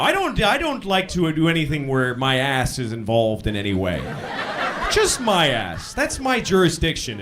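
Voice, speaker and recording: A man's voice: a little high, background noise. A man doing a crude, self-deprecating stand-up routine in a conversational tone. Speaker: stand-up comedian. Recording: live stand-up with audience laughter. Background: audience laughing.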